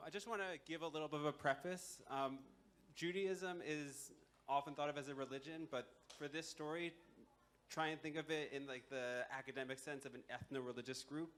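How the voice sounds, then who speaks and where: A man's voice: mid-range voice, fairly bright tone, slight background noise. A young man telling a folktale live at a campus show, casual, with many fillers and wry asides. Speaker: storyteller. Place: live university culture show.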